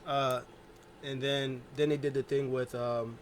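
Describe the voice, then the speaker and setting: A man's voice: mid-range voice, level tone, a little slow, slight background noise. A man hosting a casual wrestling recap, rambling through the events and acting out what the wrestlers said. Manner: rambling, acts out quotes in voices. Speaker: wrestling show recap host.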